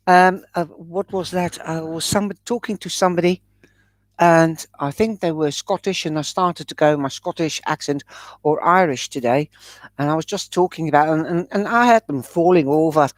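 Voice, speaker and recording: Her voice sits low and moves at a normal speed, captured in a dry recording. She's a tarot reader doing a live stream, chatting away and showering her audience with affectionate names.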